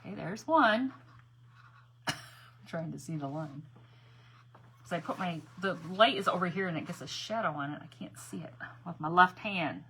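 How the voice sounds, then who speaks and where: A woman's voice: fairly low pitch, animated, normal speed, pauses often, fairly bright tone, husky. A woman chatting casually to her viewers while doing a craft project, laughing often and muttering to herself as she works. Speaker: craft vlogger.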